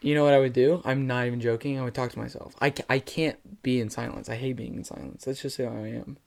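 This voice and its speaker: A young man chatting casually as a podcast co-host, an animated storyteller who fills his talk with slang and "like". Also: mid-range voice, quick pace, gravelly. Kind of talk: casual chat.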